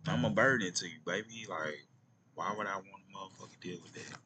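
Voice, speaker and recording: Deep-voiced Atlanta man telling stories. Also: fairly quick, background noise. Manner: loose, street slang, drops to near-whispers. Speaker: vlogger. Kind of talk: casual storytelling vlog.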